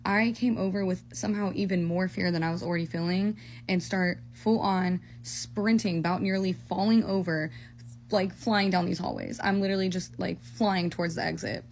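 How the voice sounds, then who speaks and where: A woman's voice: on the low side, moderate pace, a little mellow, slight background noise. A young woman telling a casual paranormal storytime, breathless and full of fillers.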